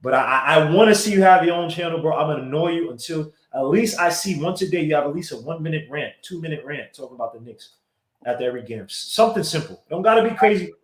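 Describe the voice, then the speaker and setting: A man hosts a casual sports podcast, excitable and full of shout-outs to listeners. His voice sits a little high. The sound has a noticeable echo from the room around him. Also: quick pace. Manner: excitable, gives shout-outs, laughs loudly. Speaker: podcast host. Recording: echoey room.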